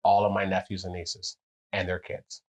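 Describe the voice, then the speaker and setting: A man's voice: sits low, completely flat delivery, normal speed, a little mellow. Profane, rambling middle-aged man. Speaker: podcast guest. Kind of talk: casual podcast chat.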